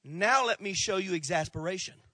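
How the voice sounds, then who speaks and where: A man voicing a calm father who explains things to his daughter in a matter-of-fact way. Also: sits high, normal speed, no echo, studio quality. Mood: wry.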